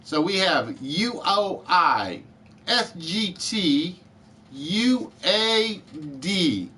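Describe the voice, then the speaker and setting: A man hosting a live-streamed word game show, calling out letters and players' answers in a deliberate, friendly patter. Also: high voice, very animated, bright, forceful tone. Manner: deliberate, spells out letters and addresses players by name.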